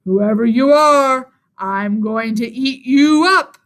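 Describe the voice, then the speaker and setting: A woman voicing a great big ugly male troll under a bridge in a storybook reading, with a low, gruff, threatening delivery. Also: slow pace, fairly bright tone. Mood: menacing.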